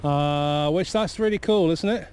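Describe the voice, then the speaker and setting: A man's voice: on the high side, unhurried, darkish tone, clean tone. A man with a cold, vlogging casually and rambling cheerfully outdoors by a river in bad weather, talking to a camera mic. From Cornwall. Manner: chatty, rambling, easily amused. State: has a cold. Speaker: fishing vlogger. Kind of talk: casual outdoor vlog narration.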